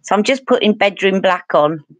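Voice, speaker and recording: A woman's voice: medium pitch, lively intonation, normal speed, no room sound. Cockney woman, beauty vlogger, rambling casual chat, mid voice, dry close recording. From East London. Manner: chatty, rambling storyteller. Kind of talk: casual chat during livestream makeup.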